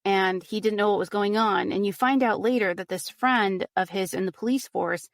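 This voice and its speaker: A woman telling a true crime case on a podcast in a casual, animated way, filled with "like" and "you know". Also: mid-range voice, moderate pace, no echo, clean studio sound. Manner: animated retelling, frequent "like" and "you know", acts out quotes. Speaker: podcast guest recounting a case.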